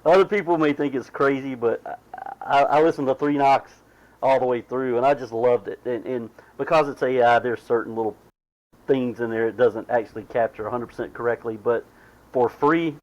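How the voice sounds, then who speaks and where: A man with a Southern US accent, hosting a podcast in casual chat, talking in a drawn-out, halting way with fillers. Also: mid-range voice, a little mellow. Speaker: podcast host. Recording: slightly dull lo-fi sound.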